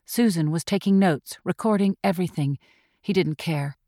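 A woman reading thriller narration in a measured, tense storytelling voice. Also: on the low side, mellow, no echo, studio quality. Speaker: audiobook narrator.

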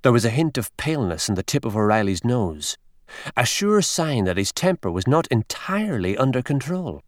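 A man narrating an audiobook in a measured, expressive way. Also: medium pitch, no echo, studio quality.

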